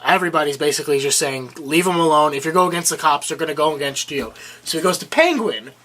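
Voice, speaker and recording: A man co-hosting a podcast, recapping a TV episode in casual chat, cutting in with quick laughs and casual swearing. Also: on the high side, bright, forceful tone. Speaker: podcast co-host.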